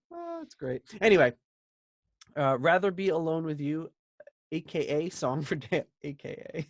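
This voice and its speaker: A man's voice: on the high side, animated, measured pace, pauses often, no echo, highs cut off. Chatty man with a dry close sound. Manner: chatty and rambling, laughs easily. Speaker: podcast host. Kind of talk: casual album review chat.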